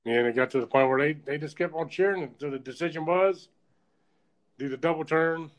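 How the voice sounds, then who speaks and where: A man's voice: on the high side, brisk, low-quality recording. A man recalling his wrestling past in casual talk, full of "you know" fillers. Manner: loose, filler-heavy recollection. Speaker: podcast guest, former wrestler. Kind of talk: casual conversation, recalling matches.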